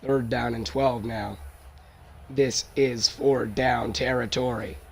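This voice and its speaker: Hoarse young guy calling football plays, gravelly voice, some faint hiss behind him. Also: slow. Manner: excitable, voice cracks high on big plays. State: hoarse, voice worn out. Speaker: play-by-play commentator of a simulated football league. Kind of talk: solo sports commentary over a video game.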